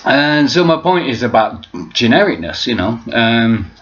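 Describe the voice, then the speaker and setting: A man's voice: mid-range voice, big pitch swings, measured pace, fairly bright tone, lo-fi sound. A man rambling through a sweary vlog monologue and losing his train of thought. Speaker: vlogger.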